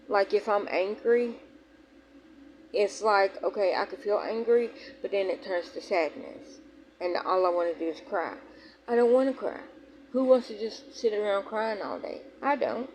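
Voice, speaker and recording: A woman's voice: mid-range voice, rough recording. Young woman, frank vlogger, emphatic with restarts, faint room hum behind. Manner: candid, emphatic, rambling with restarts. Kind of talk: personal vlog talking to viewers.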